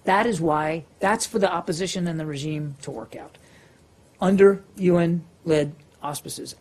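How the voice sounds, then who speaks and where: A man's voice: a little high, a little mellow, slightly rough. A man briefing reporters as a government spokesperson, answering questions with many fillers and restarts.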